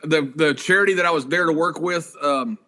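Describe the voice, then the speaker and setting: Guest storyteller: man, higher-set, bright voice, relaxed anecdotes. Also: a little fast. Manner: animated anecdotes, swearing, acting out voices. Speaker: guest, former wrestler and commentator. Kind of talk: casual storytelling.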